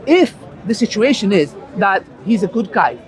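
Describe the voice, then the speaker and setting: Passionate man debating on a loud street. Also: sits high, sing-song, moderate pace, rough recording. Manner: passionate, repetitive, restarts often. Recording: crowd noise outdoors.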